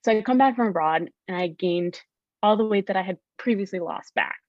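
Animated young woman telling her story. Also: medium pitch, fairly quick, dry recording, highs cut off. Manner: animated, acts out her past self in quotes. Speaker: podcast guest. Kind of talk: candid storytelling in a conversation.

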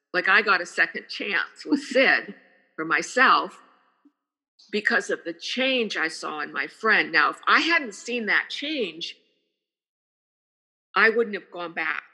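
A woman's voice: lowish voice, sharp tone, breathy edge, big-room sound. An older woman, a guest in a casual interview, speaking earnestly and repeating phrases for emphasis. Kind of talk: casual conversation.

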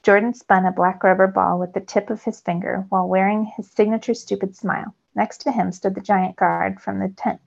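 Woman teacher, gravelly voice, storybook read-aloud for kids, dull lo-fi sound. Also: mid-range voice, normal speed, hardly any pauses. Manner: lively storytelling, rising with the action. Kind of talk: reading a novel aloud for students. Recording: dull lo-fi recording.

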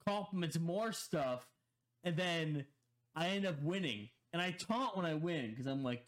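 A man's voice: fairly high pitch, expressive, measured pace. A young man co-hosting a casual podcast, telling a story in a rambling way with many repeated words and laughs. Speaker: podcast co-host.

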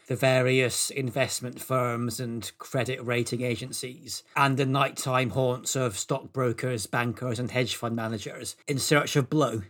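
A man presenting a comedic podcast, reading absurd made-up facts in a deadpan, matter-of-fact way. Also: medium pitch.

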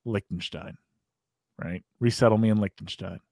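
A man's voice: fairly low pitch, normal speed, creaky, dark tone, dry recording. A man with an American accent, hosting a podcast and telling a long, profane, rambling story in casual chat, often breaking into laughter. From United States. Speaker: podcast host.

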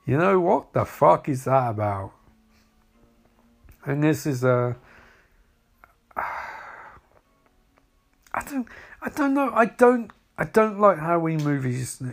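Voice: mid-range voice, big pitch swings, slow pace, creaky, long pauses, soft background music. Casual, profane watch-along commentator, voice bouncing up and down a lot, filler-heavy rambling. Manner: rambling, profane, frequent fillers and laughing reactions.

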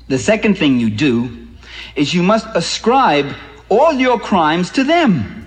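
A man's voice: a little high, husky, rough recording. A man giving a public lecture in an impassioned, ironic way, building emphasis on key points.

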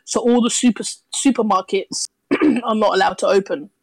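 A woman's voice: medium pitch, moderate pace, creaky, darkish tone, husky, no room sound, low-quality recording. A woman from London with a London accent, chatting casually and bluntly on a podcast. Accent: London English. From London, England. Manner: blunt, teasing, opinionated. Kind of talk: casual chat.

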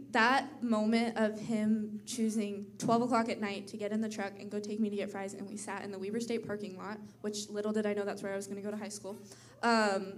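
A teenage girl shares a personal story in front of a church crowd. She is bubbly and chatty, and fills her speech with "like". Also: medium pitch. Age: teens. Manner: bubbly, many likes and quick laughs. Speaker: pastor's daughter.

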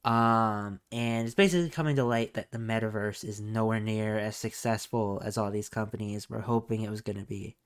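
A man's voice: on the low side, fairly even intonation, a little fast, few pauses, clear, resonant tone. A young man co-hosting a casual podcast, swearing freely, laughing often and mimicking people in silly voices. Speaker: podcast co-host.

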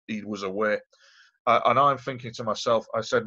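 A man's voice: lowish voice, steady tone, moderate pace, pushed and bright. Rambling man on lo-fi audio. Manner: rambling, emphatic, repeats himself. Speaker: interview guest. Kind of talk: casual storytelling. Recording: dull lo-fi audio.

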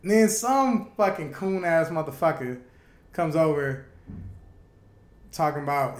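A man in casual conversation, telling stories in an animated, profane way and laughing often. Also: a little high, measured pace, pauses often, echoey room. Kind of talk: casual chat, storytelling.

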